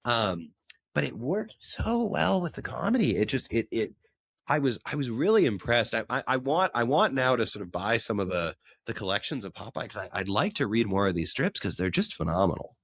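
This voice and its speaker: A man's voice: mid-range voice, very animated, brisk, vocal fry, a bit bright, breathy edge, dry recording, lo-fi sound. A man co-hosting a casual chat about comics, enthusiastic and often restarting his sentences. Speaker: podcast co-host.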